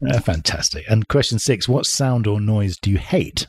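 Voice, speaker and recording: A man hosting an interview podcast, quizzing his guest playfully with quick questions and small laughs. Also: lowish voice, animated, darkish tone, husky. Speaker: podcast host.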